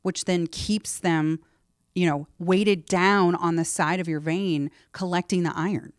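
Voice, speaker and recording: A middle-aged woman, a guest on a podcast, chatting casually and telling animated stories that act out quoted dialogue. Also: lowish voice, a little slow, dry recording, studio quality. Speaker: podcast guest, parasite educator. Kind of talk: casual interview chat.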